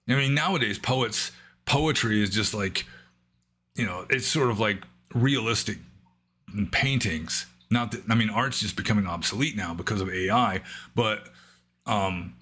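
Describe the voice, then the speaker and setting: A man answering questions in a casual, rambling way, thinking aloud with many fillers and slowing down to read verse carefully. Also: fairly low pitch, sharp tone. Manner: careful, slow reading of Pali verse. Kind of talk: casual explanatory talk.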